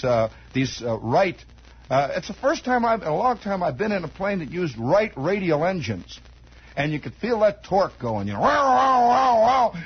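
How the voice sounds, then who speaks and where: Through the muffled lo-fi sound of a 1960s radio broadcast, a man with a fairly high, slightly rough voice rambles through an improvised funny story, performing bits of it as host of the show.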